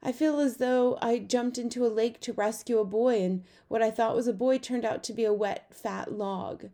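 A woman's voice: fairly high pitch, moderate pace, mellow, pitched above the performer's own voice, natural voice. A woman doing a dramatic, tearful young girl. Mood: upset. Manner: earnest, fussy about grammar. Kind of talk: audiobook character voice.

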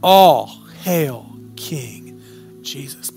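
A pastor delivering an animated sermon, swinging between excited urgency and quiet prayer. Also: male voice, extremely high pitch, a little slow, soft background music. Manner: animated preaching, sports metaphors.

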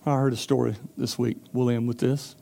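Folksy pastor, mellow tone. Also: male voice, medium pitch, level tone, fairly quick, creaky. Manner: folksy storytelling, acts out character voices. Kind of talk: sermon.

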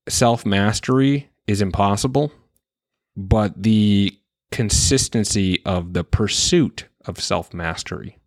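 A man's voice: lowish voice, no room sound, studio quality. A man hosting his own podcast, talking in a reflective, rambling way with frequent restarts and some frank swearing. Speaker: podcast host. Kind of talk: casual solo podcast monologue.

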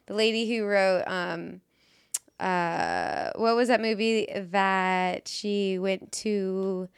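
Smooth-voiced young woman in casual chat. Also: mid-range voice, lively intonation, drawn-out words. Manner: giggly, loses her train of thought. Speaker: podcast host.

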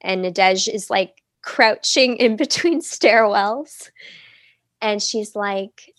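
Woman, 30s, podcast guest, chatty storyteller, mid-pitched voice, dry close recording. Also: slow pace, a bit bright, no room sound. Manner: chatty, many "like" fillers, acts out quoted speech. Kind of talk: casual personal storytelling.

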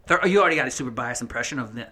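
A man's voice: mid-range voice, expressive, rapid-fire, sharp tone. A young man casually telling a long story on a podcast, rambling and cursing, with lots of fillers and restarts.

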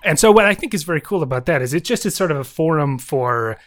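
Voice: mid-range voice, lively intonation, fast talker. An interview host asking thoughtful questions in a casual way, often restarting words mid-sentence.

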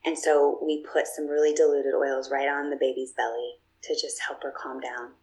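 A woman's voice: very deep voice, little pitch movement, normal speed, darkish tone, poor audio. A woman guest telling personal stories in a casual, chatty way, with plenty of fillers and restarts. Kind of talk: casual storytelling.

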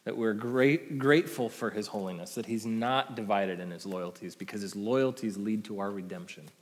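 Man preaching with loud-soft swings. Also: fairly low pitch, moderate pace. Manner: conversational preaching with frequent "right?" tag questions; swings between loud emphatic peaks and soft dropped endings. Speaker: pastor. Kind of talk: sermon. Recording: long hall reverb.

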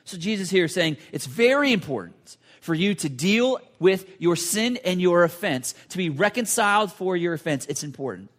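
A man preaching a sermon in an earnest, repetitive way, often restarting phrases and dropping to a hush for emphasis. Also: high-pitched, animated, normal speed, few pauses. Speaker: pastor.

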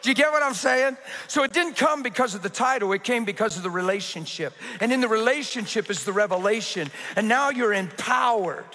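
High bright-voiced preacher man in a hall. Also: brisk. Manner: animated, laughing, acts out quoted voices. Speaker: pastor. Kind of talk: sermon with storytelling. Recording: reverberant hall.

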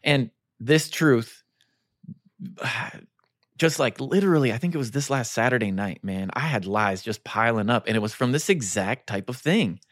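A man's voice: medium pitch, lively intonation, unhurried, no echo, studio quality. A man who pastors a small church, telling a personal story in an earnest, passionate way on a casual faith podcast.

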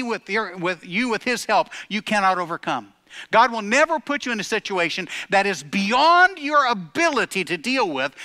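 Brief: older male pastor mid-sermon, high-pitched, forceful, hammers key phrases home. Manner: emphatic, repeats key phrases for effect. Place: church gathering.

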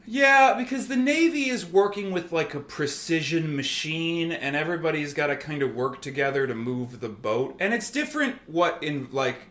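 A man's voice: on the high side, moderate pace, few pauses, roomy sound. A man in his thirties, a former army medic, telling stories in casual conversation, swearing freely and acting out quoted exchanges. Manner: profane, animated storytelling that acts out quoted exchanges.

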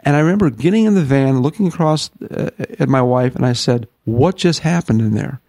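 A middle-aged man from the northern United States tells his story as an interview guest, folksy and lively, acting out what each person said. His voice has a gravelly rasp. The sound is dry and close, with no room echo. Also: mid-range voice, brisk. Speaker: guest, ministry founder.

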